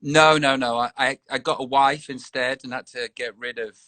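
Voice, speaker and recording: A man's voice: mid-range voice, fairly even intonation, normal speed, bright, forceful tone, no room sound. A man from England, hosting a casual video-call chat in a rambling, jokey way. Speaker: host.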